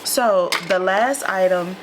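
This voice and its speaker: A woman's voice: medium pitch, slow pace, background noise. A woman vlogger chatting casually to her viewers while unboxing a mystery box, calling them y'all. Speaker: lifestyle vlogger.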